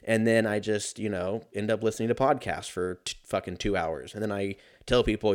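A man's voice: fairly low pitch, steady tone, brisk, hardly any pauses. A man talking alone on his podcast in a loose, rambling way. He swears constantly, jumps from topic to topic, and pokes fun at himself. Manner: rambling, profane, self-mocking, laughs at own jokes. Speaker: podcast host. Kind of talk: casual solo podcast rant.

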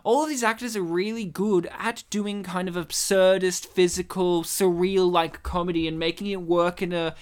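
A woman's voice: on the low side, normal speed, hardly any pauses, smooth. A woman, co-hosting a casual movie commentary and rambling through stories. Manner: rambling, animated storytelling, acts out quotes. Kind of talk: casual chat.

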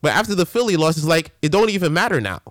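A man hosting a casual sports rant, animated and full of slang and restarts. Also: fairly high pitch, fast, no echo, clean studio sound. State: a little winded. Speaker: sports show host.

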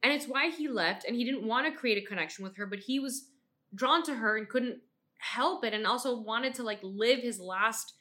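A woman co-hosting a podcast in a relaxed book-review chat. Her voice is bright and sits a little high. She talks in an animated way, cursing freely and acting out her own reactions. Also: moderate pace. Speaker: podcast co-host.

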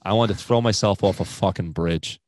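A man's voice: deep voice, moderate pace, darkish tone, dry recording. A young man with a Rhode Island accent, a stand-up comedian chatting casually on a podcast in profane, self-deprecating rants.

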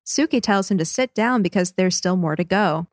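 A woman co-hosting a podcast, recapping an episode in a brisk, cheerful way. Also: on the low side, expressive, no room sound, clean studio sound. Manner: brisk recap, laughs easily. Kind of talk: casual chat and episode recap.

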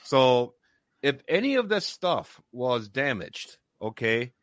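A man's voice: mid-range voice, very animated, slow pace, no echo, studio quality. A man hosting a casual discussion, making emphatic points and stopping often to say "okay".

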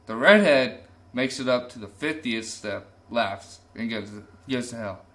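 A man with a bright, forceful voice in a loose, rambling podcast chat. He tells jokes and laughs at his own punchlines. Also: medium pitch, unhurried. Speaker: podcast co-host. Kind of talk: casual joke-telling chat.

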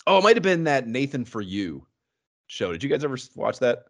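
A man's voice: mid-range voice, sing-song, fairly quick, creaky. A man co-hosting a podcast, chatting casually and rambling, laughing often as he talks. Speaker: podcast co-host. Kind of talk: casual chat about a retro game.

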